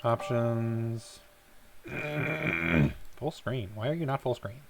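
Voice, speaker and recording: A man's voice: mid-range voice, measured pace, music in the background. A man casually commenting on his gameplay, muttering asides to himself and trailing into whispers. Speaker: let's play host.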